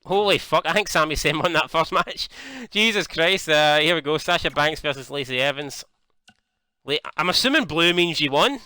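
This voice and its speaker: A young man from Scotland giving casual, jokey commentary on a wrestling video game, swearing freely and getting excited. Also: fairly high pitch, normal speed, smooth, no echo. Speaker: gaming YouTuber.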